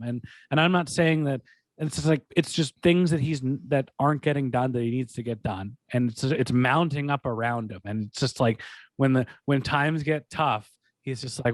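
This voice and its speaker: A man co-hosting a sports podcast, telling stories in a rambling, animated way full of restarts. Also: mid-range voice, normal speed, no echo. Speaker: podcast co-host. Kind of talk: casual sports talk.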